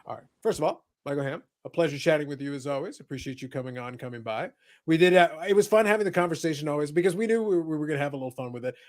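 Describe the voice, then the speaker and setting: Fast-talking, teasing male podcast host. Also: fairly high pitch, animated. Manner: teasing, sarcastic banter. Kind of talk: casual chat.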